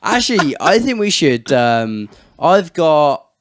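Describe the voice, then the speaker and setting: British male podcast co-host, rambles with lots of ums, smooth clear voice, dry close sound. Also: fairly high pitch, big pitch swings, slow, no echo. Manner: rambling, hesitant, laughs often. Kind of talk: casual chat.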